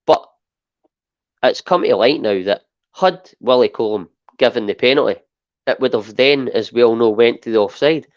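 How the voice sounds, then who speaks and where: A Scottish man co-hosting a football podcast, talking in an animated, emphatic way and often tagging points with "right?". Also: medium pitch, normal speed, no echo, muffled recording. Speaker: podcast co-host. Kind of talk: casual football chat.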